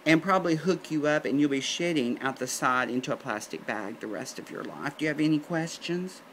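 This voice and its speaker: A man voicing a blunt, matter-of-fact male doctor in a comic story, talking in a flat, clinical way. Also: a little high, a little fast, slight background noise. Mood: deadpan.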